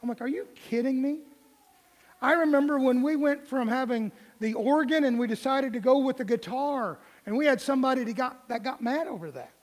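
Middle-aged male pastor, very high voice, folksy humorous preaching, reverberant sanctuary. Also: a little fast, hardly any pauses. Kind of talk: sermon. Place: church sanctuary.

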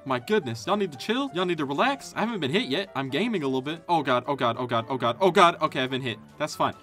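Excitable young man narrating gameplay. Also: fairly high pitch. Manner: excitable, joking, loud outbursts. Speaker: gaming YouTuber. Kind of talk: casual gameplay commentary. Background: game music.

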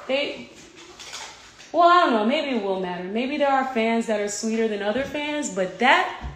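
A woman's voice: fairly high pitch, lively intonation, normal speed, a bit bright, slight background noise. Candid woman, roomy podcast clip. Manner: candid, hesitant, frank. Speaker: singer as podcast guest. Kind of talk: candid conversational interview talk.

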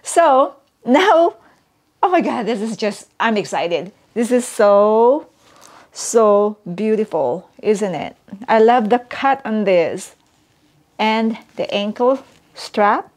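Woman vlogger, unhurried, high-ish voice, excitable and giggly, casual unboxing chat.

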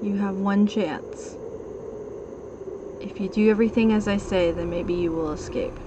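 A woman reading out the lines of an unseen sinister captor in a slow, low, menacing way. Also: steady tone, lightly acted. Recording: noisy stream audio.

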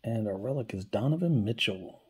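A man opening basketball card packs on camera, commenting quietly and casually as he goes. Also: animated, normal speed, husky. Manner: low-key, talks quietly while handling cards.

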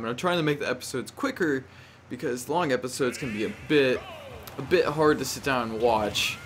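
A young man giving casual, animated commentary while playing a video game, talking to the characters on screen and often exclaiming. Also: mid-range voice, slight background noise. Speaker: gameplay commentator. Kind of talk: casual live gameplay commentary.

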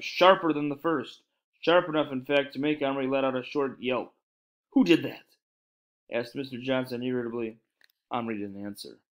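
A man reads a children's novel aloud at a mid pitch. His storytelling is steady and expressive. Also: rough recording. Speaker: reader.

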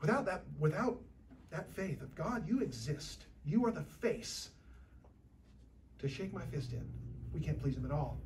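A woman preaching a sermon in a church, talking in a conversational, lively way with shifting loudness. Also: deep voice, measured pace, pauses often, far from the mic, slight background noise.

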